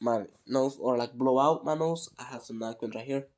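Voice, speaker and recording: Speaker with a cold, casual fan-story retelling, rambling, self-correcting, mid pitch. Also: normal speed, darkish tone. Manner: rambling, many fillers and restarts. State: sick with a cold.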